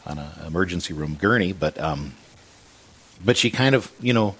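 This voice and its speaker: A man earnestly recounting a painful hospital stay in a conversation about faith, halting and restarting as he talks. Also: sits low, animated, a bit bright, breathy edge. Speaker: guest sharing a personal story.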